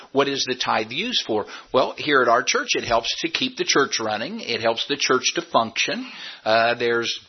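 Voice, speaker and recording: A pastor preaching a sermon in a church, folksy and humorous, with emphatic rising peaks. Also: male voice, fairly high pitch, husky, highs cut off. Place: church sanctuary.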